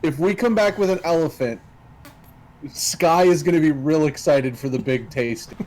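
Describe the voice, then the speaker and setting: A man playing a tabletop game, tossing out jokes and quick quips. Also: on the high side, darkish tone. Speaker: player. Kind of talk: casual tabletop play.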